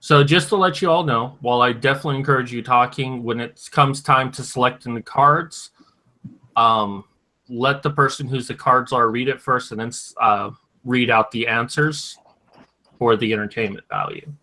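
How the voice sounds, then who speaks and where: A man's voice: medium pitch, normal speed, bright, forceful tone. A man hosting a card game stream, explaining the rules and keeping the players in order. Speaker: game host. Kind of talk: casual game-stream chat.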